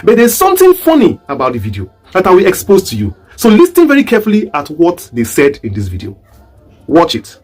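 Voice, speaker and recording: Emphatic Nigerian man, lively high voice. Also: brisk, slightly rough, faint music behind. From southeast Nigeria. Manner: rhetorical, emphatic, asks repeated questions. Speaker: online commentator. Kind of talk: commentary video.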